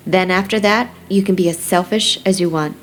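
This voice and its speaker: A woman reading the lines of a middle-aged mother who scolds her grown son gently but firmly, in an audiobook. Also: lowish voice, steady tone, brisk, faint music behind, close to an everyday voice. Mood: chiding. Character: loving, chiding Southern-town mother, middle-aged woman.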